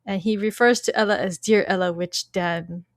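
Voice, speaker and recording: A woman's voice: medium pitch, steady tone, moderate pace, no echo. A woman co-hosting a podcast, recapping a TV episode in casual chat, laughing often and acting out quoted lines. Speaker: podcast co-host.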